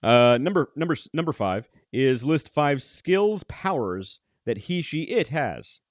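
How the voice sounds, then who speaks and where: Animated man hosting a podcast. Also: mid-range voice, a little slow, dry recording, studio quality. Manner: jokey, leads the exercise. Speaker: podcast host. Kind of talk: casual chat.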